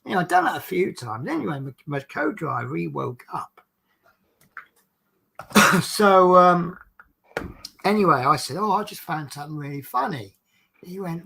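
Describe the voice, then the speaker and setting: A British man with a rough, gravelly edge and a somewhat husky voice spins casual anecdotes for his stream viewers. He talks in a chatty, animated way and laughs along at his own stories. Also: fairly high pitch, moderate pace, long pauses, low-quality recording. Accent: British English. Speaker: coach driver and streamer.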